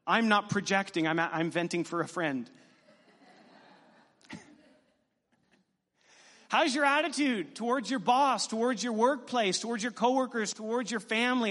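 A man, a pastor, preaching a sermon to his congregation with animated, joking asides. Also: sits high, normal speed, long pauses. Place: church sanctuary. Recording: long reverb in a church hall.

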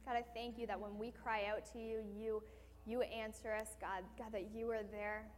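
A woman's voice: fairly high pitch, flat delivery, normal speed, faint music behind. A woman preaching a sermon, then leading a closing prayer, speaking earnestly and addressing God over and over. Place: church hall. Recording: reverberant church hall.

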